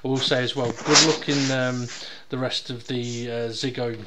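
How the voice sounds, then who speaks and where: A man's voice: medium pitch, steady tone, normal speed. A man hosting a casual podcast, rambling and joking with lots of ums and uhs. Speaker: podcast host. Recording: noisy background hiss.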